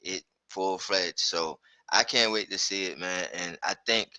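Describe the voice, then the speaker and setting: A man hosting a sports podcast, talking loosely and excitedly with slang and fillers. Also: deep voice, measured pace, no room sound, poor audio. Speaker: podcast host. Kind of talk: casual sports chat.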